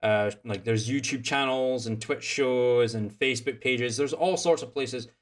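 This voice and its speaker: A man's voice: medium pitch, unhurried. Scottish guy rambling after a dnd stream, lots of ums and restarts, plain mid voice. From Scotland. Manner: rambling, with many fillers and restarts. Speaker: game master and stream host. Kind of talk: casual chat after a tabletop game stream.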